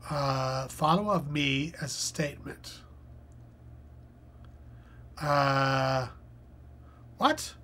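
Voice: mid-range voice, fairly even intonation, extremely slow, pauses often, fairly bright tone. A live-stream host chatting casually and reading puzzle clues aloud as they think, with lots of fillers. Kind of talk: casual live-stream commentary while solving a crossword.

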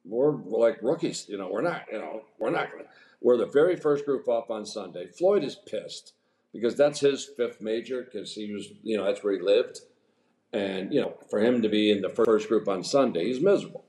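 A man in his sixties, a former pro golfer, telling rambling, animated anecdotes as a podcast guest. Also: fairly low pitch, normal speed. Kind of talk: casual storytelling interview. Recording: echoey room.

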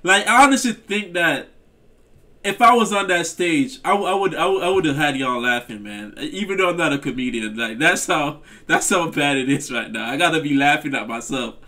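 A man hosts a reaction video and talks casually to his viewers, often repeating himself. His voice is bright and a touch high. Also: expressive, moderate pace.

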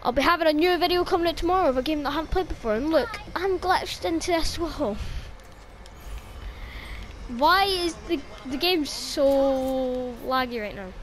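A woman's voice: sits high, moderate pace, slight background noise. A young woman commentating her own gameplay, exclaiming and swearing at the game and grumbling about lag. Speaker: gaming video creator.

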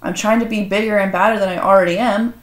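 A woman's voice: medium pitch, steady tone, quick pace, reverberant, close to an everyday voice. A woman voicing an indignant grumpy male dog. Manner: crude, indignant complaining. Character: grumpy humiliated male dog mid-poop.

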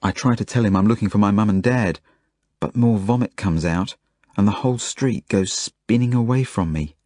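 Guy reading a kids' book first person, mellow and breathy, close dry mic. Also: fairly low pitch, no echo. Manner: plain, measured storytelling in a child's first-person voice. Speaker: audiobook reader. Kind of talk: first-person audiobook narration.

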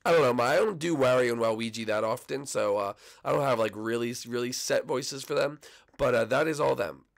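A man's voice: mid-range voice, fairly quick, gravelly. A young man hosting a casual behind-the-scenes video, rambling and self-deprecating, his voice strained. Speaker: channel host.

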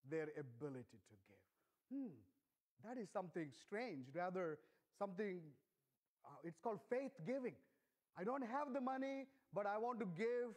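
A middle-aged man preaching a sermon in church, earnest and emphatic, speaking slowly and deliberately. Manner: earnest, emphatic, stresses key words with rising pitch.

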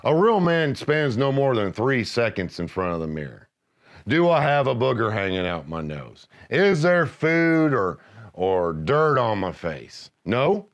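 A middle-aged man narrating scripted comedy with gruff, deadpan macho pronouncements. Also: medium pitch, unhurried.

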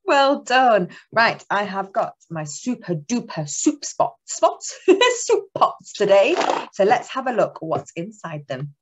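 Woman, early years teacher, animated pitch, unhurried, encouraging phonics lesson. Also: rough recording. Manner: lively and encouraging, sounding out letters slowly. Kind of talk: phonics lesson for young children. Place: classroom or home table.

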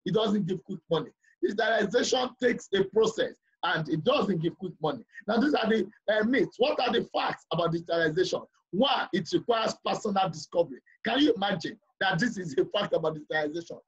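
A man's voice: high-pitched, lively intonation, a little fast, few pauses, husky, dull audio. A man teaching a live class, emphatic, repeating his points and often asking the learners if they follow. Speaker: lecturer.

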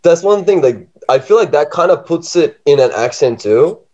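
A man's voice: a little high, animated, moderate pace, a little mellow. A man co-hosting a casual podcast about poetry, playful, laughing often and drawing words out. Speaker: podcast co-host. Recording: dull lo-fi podcast audio.

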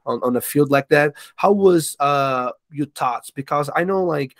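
A man hosting a podcast, asking long, halting questions full of fillers. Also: a little high, fairly bright tone, no echo. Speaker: podcast host. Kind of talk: casual interview questions.

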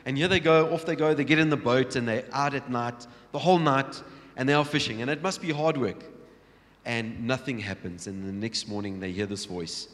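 A man's voice: medium pitch, fairly quick, a bit bright. Man preaching in a reverberant church. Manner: storytelling, acting out Bible scenes, many restarts. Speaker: pastor. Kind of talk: sermon. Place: large church hall. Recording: long church hall reverb.

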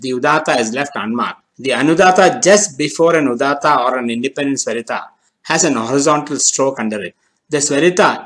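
A man giving a scripted lesson as teacher, speaking in a measured, deliberate way and slowing down on key terms. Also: mid-range voice, fairly bright tone, rough recording. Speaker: language teacher.

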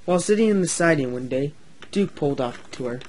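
A man tells a homemade toy-train story as narrator. His reading is plain and a little hurried, in a voice that sits somewhat high. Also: expressive, darkish tone, a little hiss or hum.

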